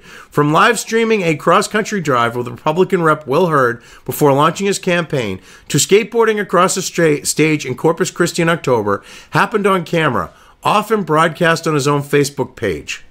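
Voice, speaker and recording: This man's voice runs high with a fairly bright tone. He's doing foul-mouthed political commentary, reading out news excerpts and filling the gaps with sarcastic rants and crude remarks.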